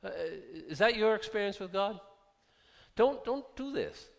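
A man in his fifties preaching a sermon in a conversational, animated way and putting questions to his listeners. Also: high-pitched, a little slow. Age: 50s. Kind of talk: sermon, Bible teaching. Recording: long hall reverb.

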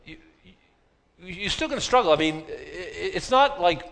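A man's voice: high-pitched, animated, moderate pace, creaky, fairly bright tone. A man preaching a sermon in a folksy, self-deprecating way, full of rhetorical questions.

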